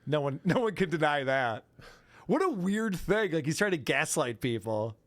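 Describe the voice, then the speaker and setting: Male podcast host, lively and mocking, slightly high voice. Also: normal speed. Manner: mocking, laughing, mimics voices. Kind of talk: casual commentary on clips.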